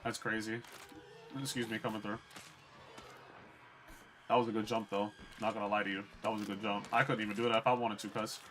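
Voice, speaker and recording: A man's voice: lowish voice, little pitch movement, fairly quick, long pauses, background noise. A young man streaming a video game, chatting bluntly and with swearing to his viewers as he plays. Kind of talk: casual gameplay commentary.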